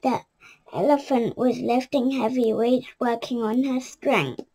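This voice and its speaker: Slow high-voiced woman storyteller. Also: mellow, slightly rough. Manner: careful with small restarts. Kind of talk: reading a children's picture book aloud.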